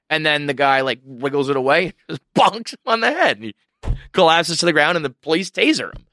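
A man's voice: on the high side, very animated, a little fast, sharp tone, dry recording, clean studio sound. A young man telling a rambling story in casual podcast chat, swearing and laughing as he goes. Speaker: podcast co-host.

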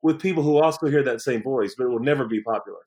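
A man's voice: mid-range voice, very fast, darkish tone, low-quality recording. Reflective male podcast host. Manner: reflective, affirming. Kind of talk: casual conversation.

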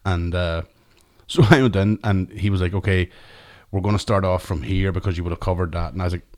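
A man in a casual chat, his voice set a little low. He recalls school days with plenty of laughter and swearing, in a relaxed, easygoing way. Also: brisk.

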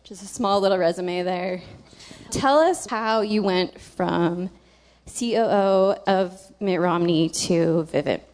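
A woman's voice: lowish voice, slow, darkish tone. A woman hosting an interview, reading a guest's introduction and then asking questions with dry, wry asides. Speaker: interviewer, host.

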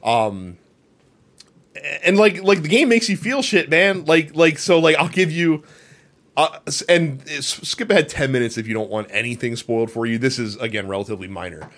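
A man co-hosting a gaming podcast, telling a long game story in a rambling, animated way, full of fillers and swearing. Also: mid-range voice, normal speed. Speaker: podcast co-host. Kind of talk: casual chat.

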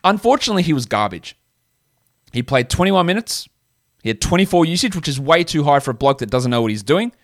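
A man's voice: on the high side, animated, no echo, clean studio sound. Blunt man podcasting solo. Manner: blunt, slangy, rapid-fire stats. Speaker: fantasy basketball podcast host. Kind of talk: casual solo podcast analysis.

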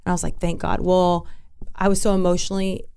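A woman telling a personal story in an interview, candid and halting, with restarts and asides. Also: fairly low pitch, flat delivery, mellow, slight background noise. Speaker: interview guest.

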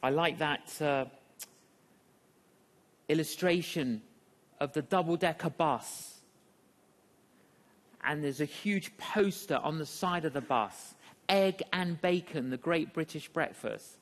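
A preacher giving a sermon, speaking in a slow, measured way with pauses. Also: medium pitch. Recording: long reverb of a large hall.

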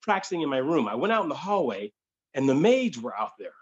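Husky-voiced man telling a comic story. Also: medium pitch, brisk, highs cut off. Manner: animated, acts out the voices of the people in his stories. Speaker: stand-up comedian.

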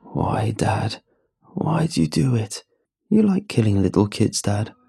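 A man's voice: mid-range voice, very animated, slow, creaky, warm tone, breathy edge, full character voice. A man voicing a young boy possessed by a demon, with a hissing, mocking, sing-song manner. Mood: gloating menace.

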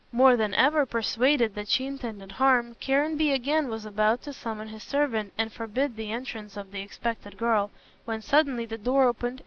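A woman narrating a novel as an audiobook reader, with an even, measured delivery. Her voice sits fairly high. The recording sounds dull and lo-fi. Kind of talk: reading a novel aloud.

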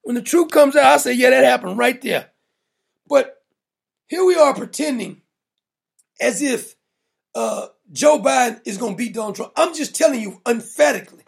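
A man's voice: very high voice, lively intonation, moderate pace, gravelly, breathy edge. A man hosting a political talk show, ranting in an emphatic, mocking, blunt way. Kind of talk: opinionated political rant.

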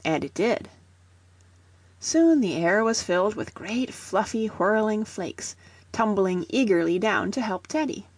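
A woman reads a children's storybook with gentle, even storytelling. Her voice is soft and breathy, and the close recording is completely dry, with no room sound at all. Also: medium pitch, a little slow, dry recording. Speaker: audiobook reader.

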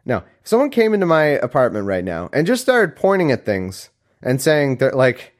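A young man reading scripture aloud and mocking it in casual, sarcastic solo commentary, going from loud bits to mumbled asides. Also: on the high side, very animated, normal speed.

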